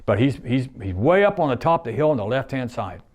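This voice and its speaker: A man's voice: medium pitch, very animated, fast, darkish tone. A man in his sixties, a retired plant worker, reminiscing in a rambling, folksy way, repeating himself and using nonstandard grammar.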